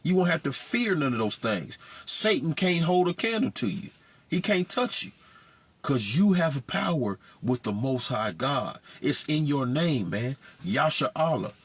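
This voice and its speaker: A man's voice: a little high, very animated, measured pace, husky, dry recording. A man teaching scripture informally in street talk, saying "man" constantly. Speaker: preacher.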